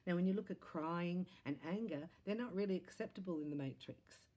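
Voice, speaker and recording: A woman giving a spiritual reading to camera, chatty and animated, with laughs and sudden exclamations. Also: on the low side, a little fast, muffled recording. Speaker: psychic tarot reader.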